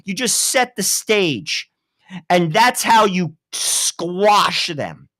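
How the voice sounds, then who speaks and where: Blunt, emphatic man with lively pitch. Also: extremely slow. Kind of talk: political talk show chat.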